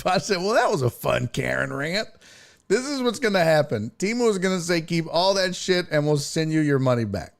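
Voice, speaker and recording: A man's voice: a little high, very animated, normal speed, creaky. A man hosting a casual live stream, ranting in a profane, exasperated way and slipping into mocking voices when he quotes people. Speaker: show host.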